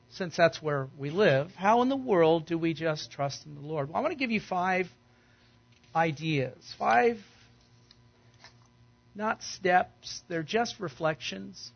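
High, gravelly-voiced male pastor preaching. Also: muffled recording. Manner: conversational, acts out quoted voices loudly. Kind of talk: sermon.

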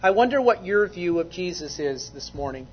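A man preaching a sermon as pastor in a church, measured and earnest. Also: sits high, animated, dull audio, a little hiss or hum. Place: church sanctuary.

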